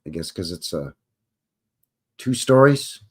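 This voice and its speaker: Chatty low-voiced man hosting a stream. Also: sing-song, slow pace, slightly rough. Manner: chatty, reads aloud and adds asides. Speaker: live stream host. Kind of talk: casual live stream commentary.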